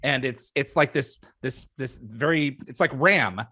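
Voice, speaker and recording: A man's voice: mid-range voice, measured pace, sharp tone. A man hosting an interview, earnest and fan-like, who reads out listener questions and explains at length. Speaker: podcast host. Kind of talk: casual interview chat.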